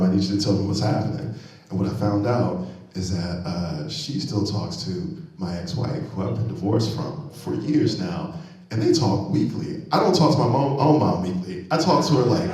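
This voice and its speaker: A man doing a stand-up comedy set on stage, animated and loud on punchlines, laughing at his own jokes. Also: fairly low pitch. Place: comedy venue stage, live audience. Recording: very echoey hall, mic from far off.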